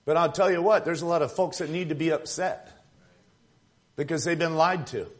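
A man preaching a sermon in a conversational yet emphatic way, building up to forceful points and dropping to quiet asides. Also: a little high, normal speed. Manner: emphatic, conversational preaching with rising and falling intensity.

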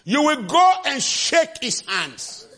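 A man preaching a sermon with passion, shouting refrains and acting out the scripture quotes. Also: big pitch swings, slow. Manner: acts out quotes with sudden pitch jumps.

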